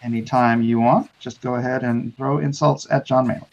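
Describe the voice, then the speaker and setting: A man's voice: medium pitch, steady tone, fairly quick, gravelly, lo-fi sound. A man hosting a casual livestream chat, joking and laughing often. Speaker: host.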